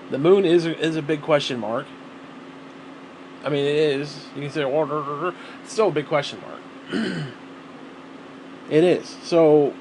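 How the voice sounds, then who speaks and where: A man's voice: fairly high pitch, darkish tone, slight background noise. A man ranting alone in a vlog, rambling and exasperated, swearing constantly. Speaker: vlogger. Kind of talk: solo rant to camera.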